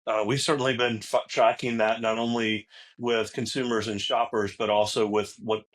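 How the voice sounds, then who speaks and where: A man speaks as a podcast guest, relaxed and conversational. His voice sits at an ordinary middle pitch. He talks loosely and often pauses to rephrase. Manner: relaxed, many fillers and restarts. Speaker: guest, technology executive. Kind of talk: casual interview talk.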